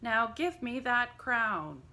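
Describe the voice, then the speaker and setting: A woman's voice: a little high, very animated, slow, bright, forceful tone, voice pushed up, heavily acted. A woman voicing a huge bullying male giant in a storybook who bellows and then whimpers to his mother. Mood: bellowing.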